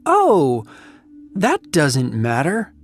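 A woman's voice: on the low side, big pitch swings, drawn-out words, soft background music, voice pushed up, exaggerated voice. A woman voicing an eager, cheerful teenage girl who lives next door, in a storybook reading. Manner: bright, cheerful, talkative.

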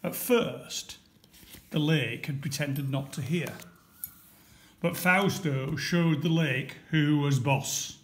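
Man reading a picture book aloud, slow pace, slightly high voice, deliberate storytelling.

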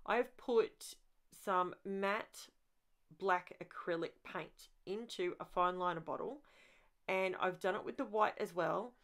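A woman's voice: fairly low pitch, slow pace, a bit bright. Chatty woman narrating a crafting video. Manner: chatty, rambling, thinks aloud with frequent restarts; enthusiastic about messy art play. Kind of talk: casual voice-over narration of a crafting process.

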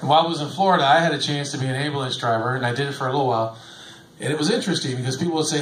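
A man's voice: mid-range voice, racing. A middle-aged man, a bus driver, telling rambling stories to a group in a casual, chuckling, self-deprecating way. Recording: echoey room, faint background ambience.

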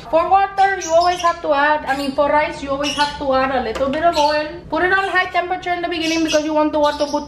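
A woman's voice: sits high, roomy sound, a little hiss or hum. A woman giving a home cooking demonstration as the family aunt, blunt and bossy, checking in with "okay?" again and again. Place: home kitchen. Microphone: camera held by someone else.

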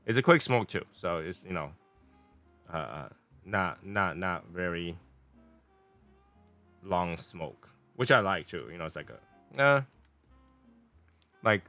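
A man's voice: sits low, expressive, a little slow, long pauses, bright, forceful tone, soft background music. A man from Taiwan, chatting through a casual review in a rambling, playful way. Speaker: cigar and spirits reviewer.

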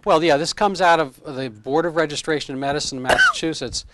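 This recording is very noisy. A fifties-aged doctor chats informally in an interview, speaking a little high and a little fast as he rambles through explanations and reaches for homespun comparisons.

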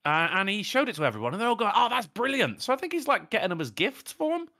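A British man in casual conversation, telling rambling stories full of swearing and laughter. His pitch swoops very widely from line to line, with plenty of bounce. He sounds like a relaxed show co-host. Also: quick pace, very noisy. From Britain. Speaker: podcast co-host. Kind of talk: casual chat.

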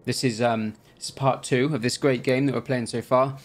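A man's voice: mid-range voice, fairly even intonation, normal speed. A man hosting a gaming channel, chatting through a let's play in an easygoing way and thinking aloud as he goes.

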